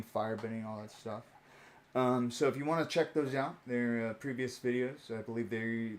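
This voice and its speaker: A young man talks his way through opening trading card packs on a stream, rambling and chatty. His voice sits at an ordinary middle pitch, and he fills pauses with "uh" and quick chuckles as he goes. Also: darkish tone. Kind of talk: casual pack-opening commentary.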